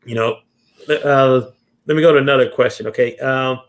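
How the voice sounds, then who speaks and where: A man's voice: medium pitch, steady tone, brisk. A man hosting a casual interview, talking in long rambling turns full of fillers and restarts. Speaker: host.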